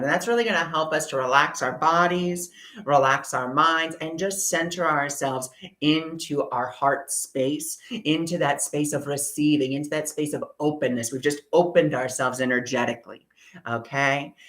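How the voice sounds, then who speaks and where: A woman's voice: low voice, normal speed, a bit bright. A woman leading a live online spiritual workshop, talking casually and encouragingly as she guides listeners through a breathing exercise. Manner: casual and encouraging, repeats reassurances, many fillers. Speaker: spiritual workshop leader, energy healer.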